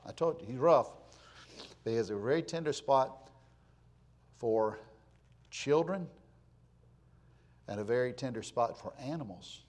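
Folksy pastor telling a story. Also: male voice, medium pitch. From Florida, USA. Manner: folksy and emphatic, repeats words for weight, swings from loud to hushed. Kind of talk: storytelling sermon.

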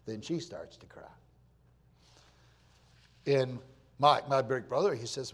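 A man, preaching in a folksy storytelling way, repeating words for weight and swinging from loud to hushed. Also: mid-range voice, slow pace, pauses often, slightly rough. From Florida, USA. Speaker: pastor. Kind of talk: storytelling sermon.

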